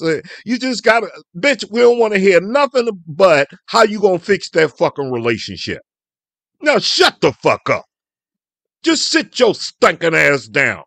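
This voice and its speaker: A man's voice: high voice, no room sound. A man hosting an online commentary show, delivering a heated, cussing, scolding rant. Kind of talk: profane ranting commentary.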